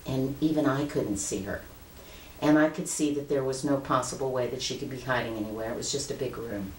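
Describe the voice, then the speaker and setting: A woman's voice: very deep voice, a little fast, reverberant, a little hiss or hum, rough recording. A woman in her late fifties earnestly telling a personal story to the camera in a conversational way. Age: 50s. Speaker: vlogger.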